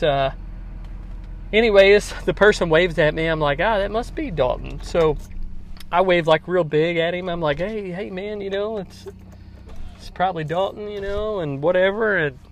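A podcast host talks through a personal story in a loose, unscripted way. His voice sits a touch high for a man, and he wanders, repeats himself and leans on fillers as he goes. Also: slight background noise. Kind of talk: casual storytelling.

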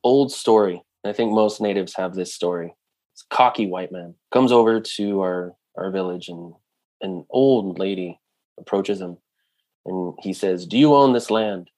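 A man talking earnestly and conversationally, often restarting his sentences. His voice sits somewhat low, with an easy, spoken rhythm. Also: fairly even intonation, unhurried, darkish tone. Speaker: speaker on indigenous culture. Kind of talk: casual talk.

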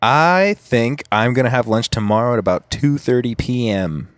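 Young guy guesting on a podcast, bouncy pitch, dry close sound. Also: lively intonation, normal speed, dry recording. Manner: joking, self-mocking. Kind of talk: casual podcast chat.

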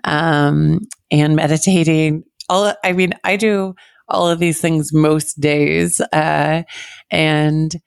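A woman co-hosting a casual podcast, hoarse and raspy from a cold, talking in a playful way. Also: sits low, steady tone, slow, no echo, studio quality. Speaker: podcast co-host. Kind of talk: casual chat.

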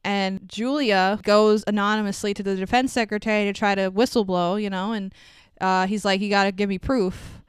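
A woman casually recapping a movie, swearing freely and acting out the characters' lines with lively energy. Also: medium pitch, normal speed, clear, resonant tone, no echo. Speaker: podcast co-host.

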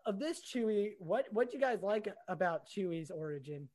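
A man hosting a casual movie chat, joking and animated. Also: sits high, normal speed, poor audio. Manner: joking, animated, does playful impressions. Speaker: podcast host. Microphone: home microphone on a call.

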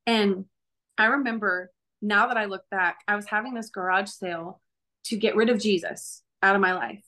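A woman's voice: mid-range voice, normal speed, sharp tone. A young woman sharing her faith testimony in an earnest, conversational way, often laughing. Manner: earnest, laughs often, acts out quoted voices.

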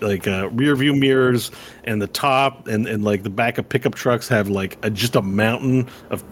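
A man's voice: lowish voice, a little hiss or hum. A man narrating as game master, rambling with lots of fillers and restarts.

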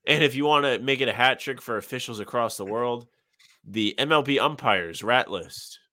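A man co-hosting a sports podcast in easy chat, dropping dry, sarcastic jabs. His voice is bright and forceful. The sound is dry and close, with no room around it. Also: medium pitch, normal speed, no room sound. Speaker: podcast co-host. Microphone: remote call, muted at times.

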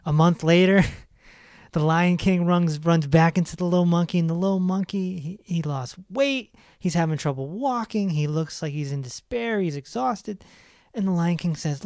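Animated male podcast host, dry sound. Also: sits high, moderate pace, smooth, no echo. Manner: emphatic and animated, laughs at his own stories. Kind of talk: casual self-help monologue.

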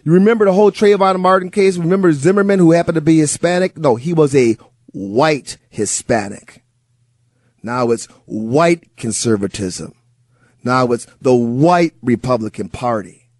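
A man fills in as a talk radio host and runs an animated monologue full of stories and mocking asides. His voice sits high and swings widely in pitch. The mic is close and dry. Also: dry recording. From United States.

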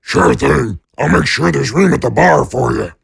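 A man voicing a hulking male rock-man bouncer in an audio drama, with a gravelly voice and blunt, clipped lines. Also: medium pitch, expressive, moderate pace, voice pushed up, heavily acted. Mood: friendly.

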